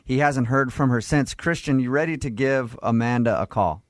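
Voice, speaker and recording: A man's voice: mid-range voice, no echo. Joking morning radio co-host, a man. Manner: joking, leads the interview with quick questions.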